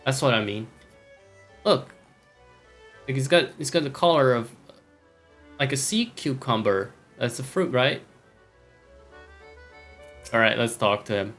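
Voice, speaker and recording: A man talking over his gameplay in loose, rambling commentary full of jokey asides and self-mockery. His pitch sits in a middle range, and faint music plays under his voice. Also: a little slow, pauses often, a bit bright. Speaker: streamer.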